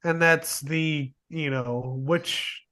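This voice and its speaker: A man's voice: a little high, fairly even intonation, extremely slow, pushed and bright. A man co-hosting a casual podcast chat, joking around and steering the topics. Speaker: podcast co-host.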